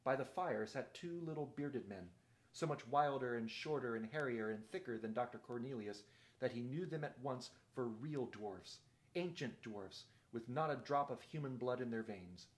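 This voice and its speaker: A man reading a novel aloud in a steady, measured narrating voice. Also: medium pitch. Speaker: reader.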